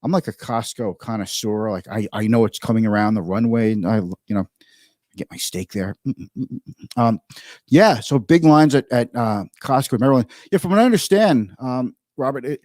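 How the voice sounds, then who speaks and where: Host, male, 50s, chatty livestream commentator, mid pitch, dry close mic. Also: animated, a little mellow, no room sound. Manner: chatty, reads viewer comments aloud, halting restarts.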